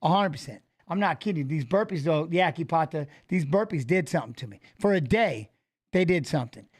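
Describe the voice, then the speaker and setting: High-voiced chatty man hosting a livestream. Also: lively intonation, a little fast. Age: 40s. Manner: rambling, chatty, greets viewers by name. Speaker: livestream host. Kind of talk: casual livestream chat.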